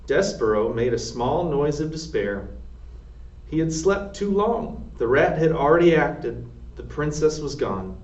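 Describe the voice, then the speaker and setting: A man, a military sergeant, reading a children's novel aloud in a steady, plain way. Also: a little high, a little slow. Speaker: storybook reader, air force sergeant. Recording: roomy, distant, dull lo-fi sound.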